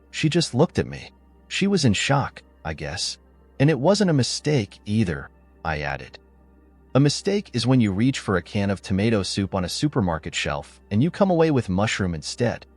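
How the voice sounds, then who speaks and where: Low-voiced man narrating a blunt confrontation. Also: very animated, normal speed, soft background music. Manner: blunt, angry, sarcastic. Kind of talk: first-person story narration.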